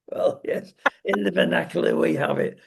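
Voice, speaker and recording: A man co-hosting a political commentary show, talking in a slow, emphatic and sardonic way with frequent ums. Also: high voice, vocal fry, a little hiss or hum. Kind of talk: opinionated casual commentary.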